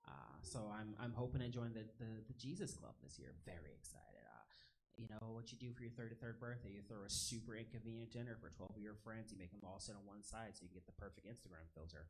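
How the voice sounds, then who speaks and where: A man in his early thirties performing a stand-up set on a club stage, with punchy delivery, shouted punchlines and quick laughs at his own jokes. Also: lowish voice, creaky. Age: 30s. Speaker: stand-up comedian. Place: comedy club stage with live audience laughter.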